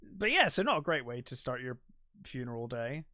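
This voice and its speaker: A man co-hosting a podcast, casually retelling a movie's scenes and acting out quick quotes from the characters, with the odd swear. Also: mid-range voice, very animated, sharp tone, dry recording, studio quality. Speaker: podcast co-host. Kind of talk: casual film recap chat.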